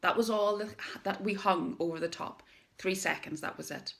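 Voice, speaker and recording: A middle-aged woman speaking to camera at a medium, even pitch. She tells a motivational personal story with lively emphasis and dramatic pauses. She sounds like a direct-sales business owner encouraging her team. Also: vocal fry.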